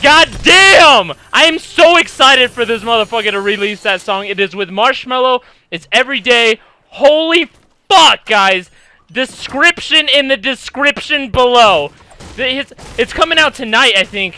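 A young man giving casual, excitable gameplay commentary as a gaming YouTuber, swearing constantly and shouting when hyped. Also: extremely high pitch, moderate pace, clean tone.

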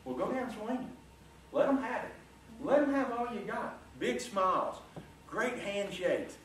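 Middle-aged guy giving a pep talk, folksy and lively, kinda high voice, mic far off in a big echoey room. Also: unhurried. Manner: folksy, animated, coaxing the audience. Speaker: guest speaker. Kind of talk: motivational talk. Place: large lecture room. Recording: echoey room, distant mic, faint hiss.

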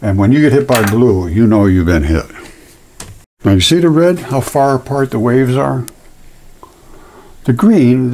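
Casual male presenter, lively intonation, emphatic folksy explaining over pictures. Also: lowish voice, moderate pace. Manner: folksy, emphatic, with sound effects and repetitions. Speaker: presenter of fringe science videos.

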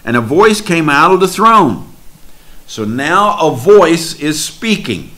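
A man preaching a slow, drawn-out sermon, reading scripture aloud and expounding on it. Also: a little high, sing-song, sharp tone.

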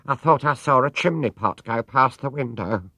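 A man's voice: mid-range voice, expressive, moderate pace, bright, forceful tone, breathy edge, dry recording, studio quality, pitched above the performer's own voice, full character voice. A man playing a stern fussy housekeeper. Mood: alarmed. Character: stern middle-aged female housekeeper.

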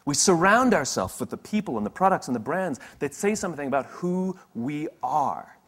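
A man's voice: a little high, very animated, normal speed, a bit bright. A man giving a motivational talk, telling stories in a conversational way with humorous asides. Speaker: motivational speaker.

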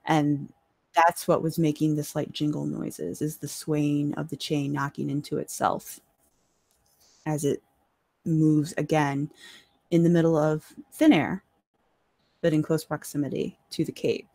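Calm woman narrating a tabletop game. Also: low-pitched, creaky, no echo. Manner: calm, measured descriptions with frequent fillers. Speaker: dungeon master.

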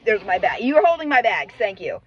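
A woman's voice: medium pitch, sing-song, fairly quick, husky, muffled recording. A young woman vlogging from her phone at arm's length, rambling through sweary, self-mocking comic tangents. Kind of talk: rambling comedic vlog monologue. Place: in and around a car. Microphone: phone held at arm's length.

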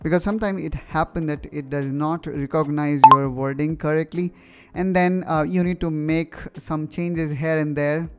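A man with an Indian accent walking through a software tutorial on screen, talking casually with fillers and addressing viewers as "guys". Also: a little high. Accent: Indian English. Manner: explanatory, with frequent fillers like "you know" and "guys". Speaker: tech tutorial host.

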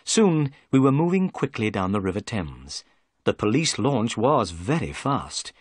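A man giving clear, measured narration of a graded reader story. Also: on the low side, dry recording, clean studio sound.

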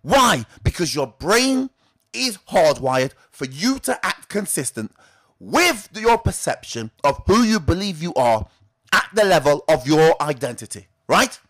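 A man's voice: fairly high pitch, unhurried. A man hosting a weekly trading tip, teaching straight to his viewers and firing off rhetorical questions that he answers himself. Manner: animated, asks rhetorical questions and answers them. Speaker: trading educator and show host. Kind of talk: direct-to-camera teaching talk.

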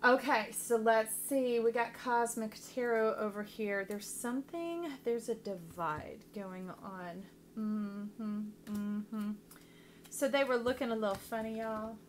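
A woman's voice: on the high side, takes it slowly, slight background noise. Chatty woman reading tarot. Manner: chatty, affectionate, bursts into laughter. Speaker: tarot reader. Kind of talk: casual tarot reading to camera.

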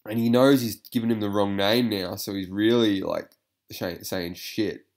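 A man's voice: on the low side, fairly even intonation, moderate pace, darkish tone. A man giving casual reaction commentary, rambling with lots of fillers, swearing and frequent laughter.

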